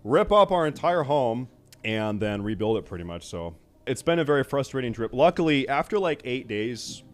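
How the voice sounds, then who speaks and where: A young man streaming, ranting casually and profanely to his chat, exasperated and often loud. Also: medium pitch, sing-song, normal speed.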